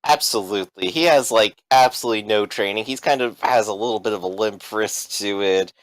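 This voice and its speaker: A man running a tabletop game as game master, talking in a relaxed, hesitant way. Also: on the low side, fairly quick, no room sound, rough recording.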